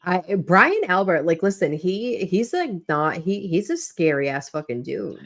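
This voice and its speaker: Deep-voiced female host, blunt and profane, running the chat. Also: big pitch swings, measured pace. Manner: blunt, profane, asks questions. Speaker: livestream host. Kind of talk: casual chat.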